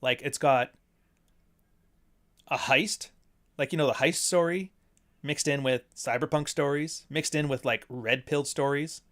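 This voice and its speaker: A man hosting a casual livestream, an author telling stories in a profane, animated way and laughing often. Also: on the high side, a little slow, long pauses. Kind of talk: casual livestream chat reading super chats.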